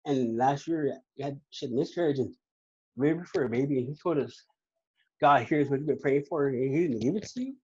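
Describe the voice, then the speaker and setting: A man tells his faith story in loose, rambling casual talk, circling back over his words. The recording is a bit dull, with a faint hiss and some clicks behind him. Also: a little high. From California. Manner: rambling, many restarts. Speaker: guest. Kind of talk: casual testimony.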